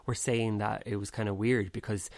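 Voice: mid-range voice, steady tone, normal speed, a little mellow, no echo. A podcast co-host in casual chat, rambling with many "like"s. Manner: rambling, full of "like" and trailing phrases.

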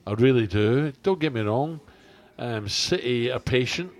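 An older man co-hosts a podcast, rambling through jokey anecdotes in casual chat with plenty of fillers. His medium-pitched voice has lively intonation and moves a little slowly.

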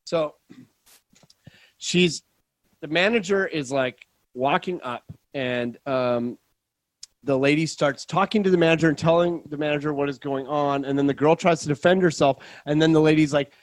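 A man hosting a podcast, telling a story in a casual chat with lots of swearing and quick restarts. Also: a little high, no room sound. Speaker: podcast host. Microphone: remote call setup.

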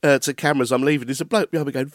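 A man's voice: mid-range voice, steady tone, racing, no echo, studio quality. A man hosting a football podcast, chatty and easygoing, laughing often. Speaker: podcast host. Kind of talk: casual football chat.

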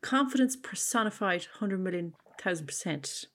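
A woman's voice: medium pitch, animated, moderate pace. A woman co-hosting a candid chat, frank and sweary, giving reassuring advice. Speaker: podcast co-host.

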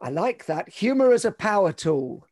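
A man's voice: high voice, big pitch swings, normal speed, a little mellow. A man hosting a podcast interview, reacting briefly and moving on to set questions. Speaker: podcast host. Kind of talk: interview chat.

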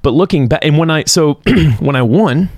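A man co-hosting a podcast, sharing his own story in relaxed, chatty talk. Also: on the high side, normal speed, no echo, studio quality. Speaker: podcast co-host. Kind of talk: casual podcast chat.

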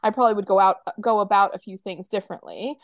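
A woman's voice: medium pitch, fast talker, no echo. An American woman co-hosting a podcast in casual chat, animatedly retelling scenes and acting out the characters' lines. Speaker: podcast co-host.

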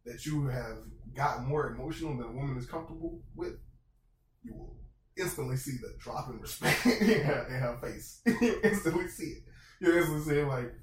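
A man's voice: medium pitch, recorded from a distance. A man co-hosting a casual podcast, telling stories animatedly, acting out quotes and laughing often. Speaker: podcast co-host. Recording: echoey room, off-mic, faint noise.

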